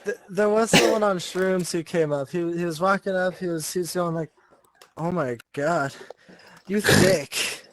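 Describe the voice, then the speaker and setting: A man as the guest on a casual talk show, laid-back and halting, giggling as he talks. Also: high-pitched, steady tone. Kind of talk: casual chat.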